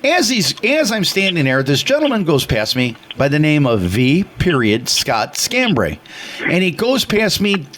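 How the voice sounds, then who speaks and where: A man from Chicago co-hosting a radio talk show, telling a story loudly and animatedly, with acted voices. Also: a little high, unhurried, slight background noise. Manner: loud and animated; passionate, retells dialogue with acted voices. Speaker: radio co-host.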